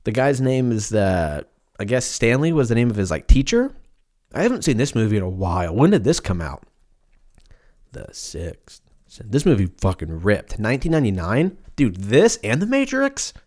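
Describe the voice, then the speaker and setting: Podcast host, American man in his thirties, slight lisp, animated swings in pitch, jokey and profane. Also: normal speed. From United States. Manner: profane, joking, stumbles over words. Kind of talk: casual rambling chat.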